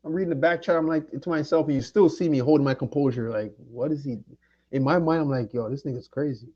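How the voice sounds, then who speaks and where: Man from Jamaica, livestreamer, angry profane rant, dark husky voice, dull lo-fi audio. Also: fairly high pitch, quick pace.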